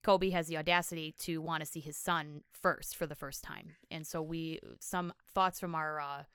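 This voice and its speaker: A woman co-hosting a casual podcast, her voice smooth and clear with a slightly low pitch. She chats easily and reads out listener comments. The recording is dry and close. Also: steady tone, normal speed, a bit bright, no echo. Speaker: podcast co-host. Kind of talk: casual chat recapping a reality show.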